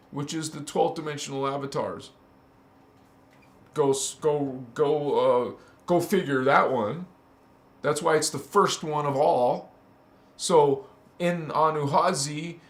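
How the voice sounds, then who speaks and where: A man hosting a casual spiritual livestream from his bedroom. He laughs a lot and talks in animated street slang. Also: a little high, gravelly, echoey room. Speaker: livestream host. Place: bedroom, on a squeaky bed.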